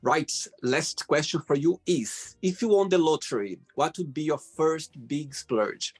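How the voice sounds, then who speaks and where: A man's voice: fairly high pitch, breathy edge, faint music behind. Man hosting a call interview, searching phrasing. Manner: slow, searching phrasing with fillers. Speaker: host. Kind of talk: casual interview over a call.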